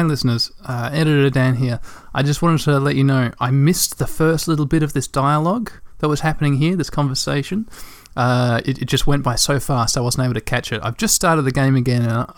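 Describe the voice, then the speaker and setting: A man narrating a video game as he plays, describing what is on the screen and thinking out loud. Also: mid-range voice. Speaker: gameplay commentator. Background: faint game music.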